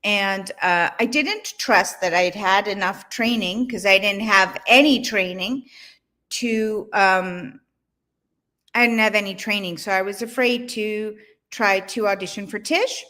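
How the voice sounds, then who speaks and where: A woman's voice: medium pitch, measured pace, sharp tone. A middle-aged woman from Boston, a guest author chatting candidly and laughing often in an interview over a video call. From Boston, USA. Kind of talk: casual interview chat.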